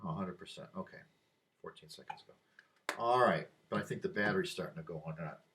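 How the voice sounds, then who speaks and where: An older man with a fairly low voice talks through a wandering vlog monologue. He gets sidetracked by asides, then turns emphatic and insistent once he is back on his argument. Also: fairly quick, noisy background. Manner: easily distracted, wandering asides. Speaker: vlogger. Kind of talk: rambling opinion monologue.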